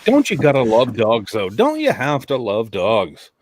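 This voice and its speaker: A man hosting a casual podcast from a remote call, telling stories in an animated, joking way with some cussing. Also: medium pitch, unhurried, a little hiss or hum. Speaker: podcast host. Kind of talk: casual chat. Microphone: remote call mic.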